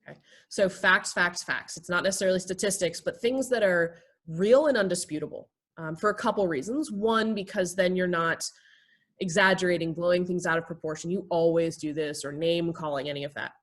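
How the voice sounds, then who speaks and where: A woman therapist and pastor teaching basic communication skills in a relaxed talk, acting out short everyday examples. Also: on the low side, a little fast. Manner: explains with acted everyday examples.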